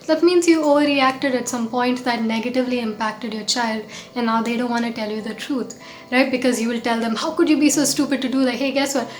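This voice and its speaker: Earnest woman in an echoey room. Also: on the high side. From India. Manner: earnest, conversational, with restarts. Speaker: host and mindfulness coach. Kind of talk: storytelling vlog talk. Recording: roomy echo, faint music.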